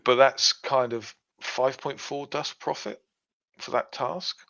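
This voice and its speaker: A man's voice: mid-range voice, fairly even intonation, slow, creaky, fairly bright tone. A man co-hosting a podcast, explaining things step by step with plenty of fillers in a casual chat. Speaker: podcast co-host. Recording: dull lo-fi sound.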